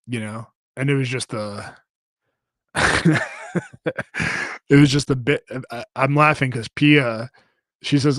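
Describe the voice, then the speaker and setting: A man's voice: mid-range voice, a bit bright, dry recording, studio quality. A man in his thirties co-hosting a podcast, chatting casually and reading out live comments in a rambling, profane way with lots of fillers and restarts. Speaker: podcast co-host.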